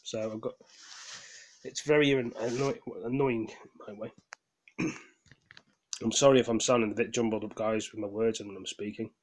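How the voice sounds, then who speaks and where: A man's voice: lowish voice, level tone, moderate pace, pauses often. A tired man, ranting heatedly in a casual vlog, swearing, rambling with restarts and apologizing as he goes. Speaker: gaming vlogger.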